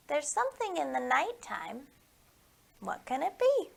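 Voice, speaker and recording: Woman librarian for kids' storytime: high, very lively sing-song voice, unhurried, a touch of gravel. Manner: sing-song, playful, coaxing questions to kids. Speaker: children's librarian hosting storytime. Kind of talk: storytime for young children.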